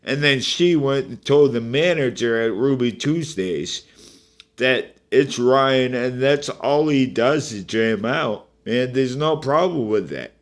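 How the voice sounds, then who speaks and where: A man's voice: mid-range voice, slow. A man giving a rambling, profane personal rant in a vlog, often restarting and speaking directly to the people he is angry at.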